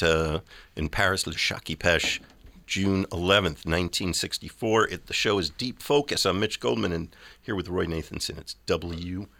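A man's voice: deep voice, vocal fry, sharp tone. A man hosting a radio show, chatting casually with a guest in an easygoing way, with frequent fillers. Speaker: radio host. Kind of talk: casual on-air chat.

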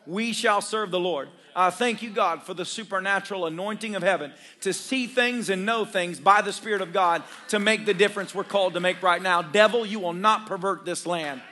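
A male pastor preaching a sermon to his church, calling for responses and rising to shouts, with joking asides. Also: high-pitched, a little fast, few pauses. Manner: call-and-response with congregation.

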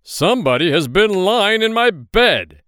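A man doing a big gruff papa bear. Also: high-pitched, very animated, unhurried, fairly bright tone, no room sound, studio quality, pitched above the performer's own voice, exaggerated voice. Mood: indignant.

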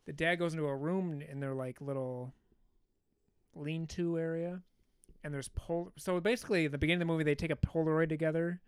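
Smooth-voiced man in profane, rambling movie chat. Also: on the high side, brisk, no room sound, studio quality. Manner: rambling, profane, animated storytelling. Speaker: podcast co-host. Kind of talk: casual movie recap chat.

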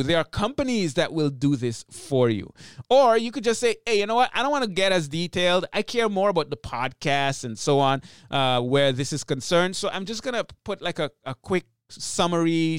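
A man's voice: a little high, clean tone, no room sound, clean studio sound. A man hosting a podcast, explaining how to record in a chatty, instructional way at a podcast microphone with a pop filter. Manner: chatty explaining, demonstrates mic technique. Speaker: podcast host. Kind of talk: instructional talk. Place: small home podcast studio.

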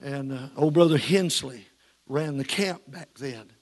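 A man preaching a sermon, moving from fervent shouted preaching into quiet folksy storytelling. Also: mid-range voice, a little slow.

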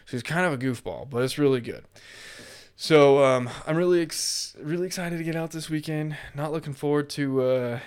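A man's voice: fairly high pitch, moderate pace, darkish tone, clear, resonant tone. Casual rambling male podcast host. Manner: rambling, casual, swears freely, many fillers. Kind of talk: casual solo podcast monologue. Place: home office.

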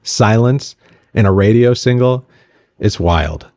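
A man's voice: fairly low pitch, animated, slow pace, a little mellow. A middle-aged man hosting a podcast, talking through a casual scripted monologue with wry, sarcastic asides. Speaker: podcast host.

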